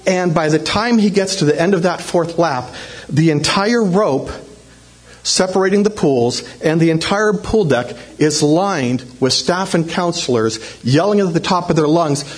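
A man telling a lively personal story to a church congregation, acting out shouts in a raised voice. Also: fairly high pitch, unhurried. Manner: animated, acts out shouts in a raised voice. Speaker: church speaker telling a testimony.

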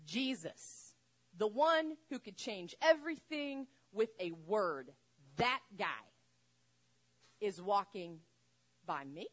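A woman preaching a sermon, retelling a story with lively acted-out voices. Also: medium pitch, slow pace, long pauses. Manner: animated, acts out voices in the story. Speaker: pastor.

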